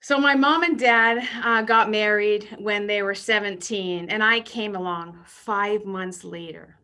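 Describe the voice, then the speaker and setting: Bright-voiced brash woman comedian in her fifties. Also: medium pitch, steady tone, a little slow. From Canada. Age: 50s. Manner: brash, self-deprecating punchlines. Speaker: stand-up comedian. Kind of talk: stand-up routine.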